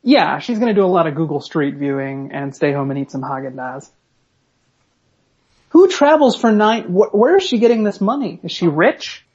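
A man's voice: fairly high pitch, very animated, normal speed, a little mellow, breathy edge. A man co-hosting a casual comedy podcast, cracking dry, absurd jokes. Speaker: podcast co-host. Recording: dull lo-fi mic.

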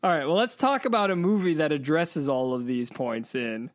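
A man's voice: fairly high pitch, normal speed, slight background noise. A man hosting a casual podcast, joking and laughing as he talks and reviews films. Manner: animated, joking, laughs while talking. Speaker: podcast host and movie reviewer. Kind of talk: casual chat.

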